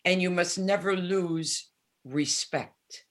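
A woman's voice: fairly low pitch, slow. A woman of seventy, a guest musician, chatting in an interview and animatedly telling stories, acting out the dialogue. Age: 70s. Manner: animated storyteller, acts out dialogue. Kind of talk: casual interview chat.

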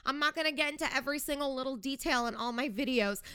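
Quick and high-voiced, this young podcast host has a sharp tone and a clean studio recording with no echo. Her casual reality TV gossip rant is chatty and heated, laced with sarcasm and a steady stream of "like."

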